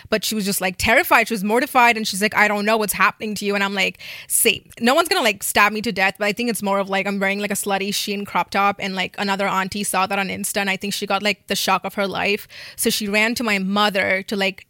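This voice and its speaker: A woman's voice: medium pitch, bright, forceful tone, no room sound, clean studio sound. A tired young woman hosting her own podcast from her bed, rambling casually with lots of swearing and fillers. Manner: rambling, profane, full of "like". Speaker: podcast host. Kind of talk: casual chat.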